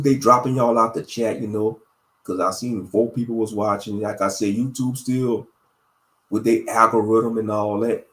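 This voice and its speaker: A man's voice: medium pitch, reverberant, low-quality recording. A man hosting a casual religious livestream, talking to his viewers in a meandering, preachy way with lots of fillers. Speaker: livestream host.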